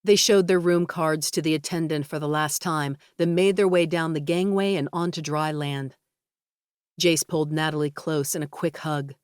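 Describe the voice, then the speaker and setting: A woman narrating an audiobook in an even, measured reading. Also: low-pitched, smooth, no room sound, studio quality. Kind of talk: scripted narration.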